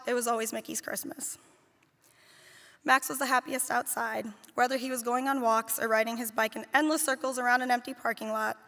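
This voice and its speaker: A woman's voice: a little high, bright, forceful tone. A woman who cared for two children gives a read memorial speech, tender and fond as she tells their stories. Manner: heartfelt, tender, fond storytelling. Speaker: nanny giving a eulogy. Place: large theater hall. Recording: long reverb of a large hall.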